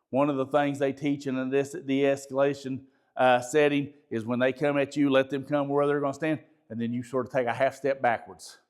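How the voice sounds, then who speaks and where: A male pastor with a medium-pitched voice gives a conversational training talk. His style is folksy, and he repeats words and poses questions to the audience.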